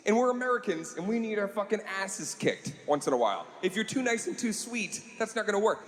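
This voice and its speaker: A man doing a stand-up comedy routine in a live venue, telling stories animatedly with profanity and quick switches between voices. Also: high voice, lively intonation. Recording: roomy live room with crowd noise.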